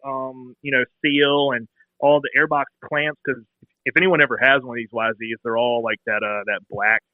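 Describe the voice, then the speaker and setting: A man in his thirties telling a long, animated story about a bike build in a casual interview, acting out phone calls in quoted voices. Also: medium pitch, normal speed, no room sound. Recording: tinny phone-like sound.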